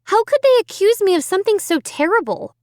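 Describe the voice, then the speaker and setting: A frantic preteen girl wails and shrieks in a high, trembling voice, as a woman reader puts her on. Her pitch leaps up and down wildly. It is an audiobook voice recorded close and dry. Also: very animated, brisk, dry recording. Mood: anguished. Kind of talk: audiobook character voice.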